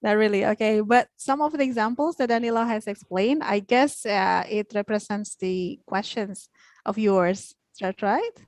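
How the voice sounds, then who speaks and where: A woman teacher hosting a school Q&A, moderating in a brisk, friendly way. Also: mid-range voice, a little mellow, no room sound. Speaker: teacher and host.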